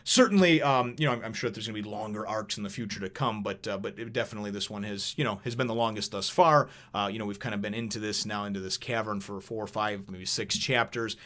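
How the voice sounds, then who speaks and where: A man's voice: fairly low pitch, quick pace, hardly any pauses, pushed and bright. A man casually reviewing a manga chapter in a vlog, rambling and chatty, with plenty of swearing.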